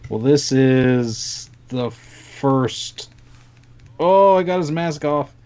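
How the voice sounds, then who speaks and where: Male co-host, casual, half-focused on a game, halting speech. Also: medium pitch, animated, a little mellow, clear, resonant tone. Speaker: podcast co-host. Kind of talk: casual chat while gaming.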